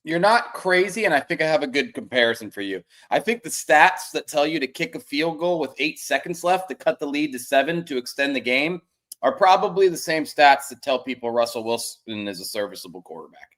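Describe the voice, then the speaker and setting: A man's voice: fairly high pitch, lively intonation, brisk, a bit bright. A man co-hosting a sports betting podcast, blunt and profane, hammering his points with emphasis. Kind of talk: casual chat.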